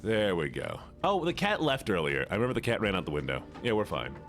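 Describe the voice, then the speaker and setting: A male streamer chatting casually through a gameplay session, thinking aloud and answering his chat. His pitch is animated and moves around a lot. Faint music runs in the background. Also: fast. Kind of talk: casual chat while gaming.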